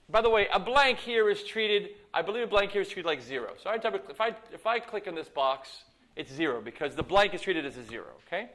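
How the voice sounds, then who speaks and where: A man with a high, sharp-toned voice delivers a live university lecture in a lecture hall, demonstrating code as he goes. He's a computer science lecturer whose asides are playful and self-mocking.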